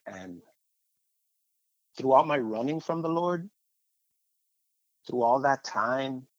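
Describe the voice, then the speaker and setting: A man's voice: medium pitch, animated, takes it slowly, no room sound, dull audio. A man sharing a personal faith testimony in a conversational, rambling way, with fillers and repeated phrases.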